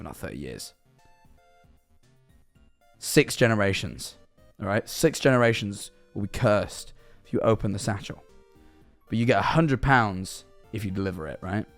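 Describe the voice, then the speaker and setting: Rambling young streamer. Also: male voice, fairly low pitch. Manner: rambling, hypothetical storytelling, reacting to chat. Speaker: livestreamer. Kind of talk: casual live-stream chat.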